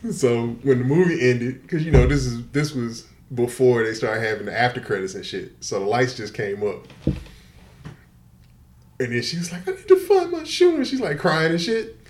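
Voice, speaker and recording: A man's voice: mid-range voice, lively intonation, moderate pace, a little hiss or hum. An older man telling a story in casual podcast chat, profane and laughing often. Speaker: podcast co-host.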